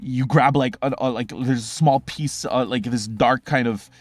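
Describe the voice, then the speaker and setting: A young man running a tabletop game as game master, narrating in an animated, fast way with sound effects and quick restarts. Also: mid-range voice, dry recording.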